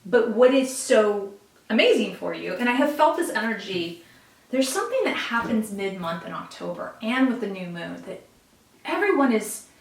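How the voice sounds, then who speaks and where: A woman's voice: mid-range voice, big pitch swings, moderate pace, vocal fry, far from the mic. A woman giving a casual tarot reading, talking bluntly with tough-love encouragement to her viewers. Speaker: tarot reader. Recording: echoey room, voice a bit off-mic.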